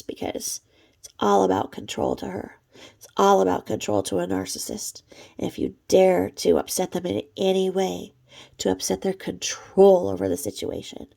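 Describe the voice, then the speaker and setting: Speaking to camera on her own channel, a woman rambles chattily through casual vlog commentary and occasionally whispers. Her voice is fairly low, creaky, and a little mellow.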